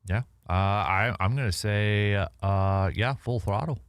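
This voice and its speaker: Low-voiced sports radio host, halting. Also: male voice, clear, resonant tone, dry recording, studio quality. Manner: animated, halting with fillers and restarts. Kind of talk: casual sports talk. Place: radio studio.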